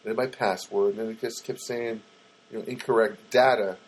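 A man's voice: lowish voice, fairly even intonation, fairly quick, breathy edge, rough recording. A man hosting a rambling comedic monologue, full of fillers and sarcastic asides. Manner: rambling, lots of fillers and self-corrections, sarcastic.

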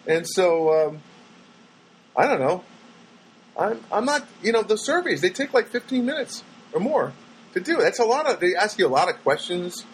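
A man's voice: high-pitched, moderate pace, a little hiss or hum, poor audio. A man telling rambling everyday stories in a casual monologue, acting out the voices of people he met. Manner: rambling, animated, acts out voices of people he quotes.

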